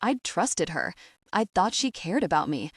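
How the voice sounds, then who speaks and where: A woman's voice: fairly low pitch, very animated, unhurried, slightly rough, no room sound, clean studio sound, full character voice. A woman narrator voicing a rugged, protective young man in an audiobook, speaking firmly and directly. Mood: earnest firm. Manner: firm and direct. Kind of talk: audiobook dialogue.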